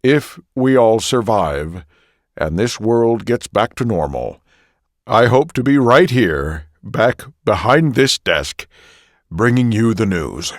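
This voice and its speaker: A man's voice: on the low side, lively intonation, no echo, studio quality. A man playing a solemn TV news anchor. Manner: measured, formal broadcast delivery. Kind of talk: audio drama acting.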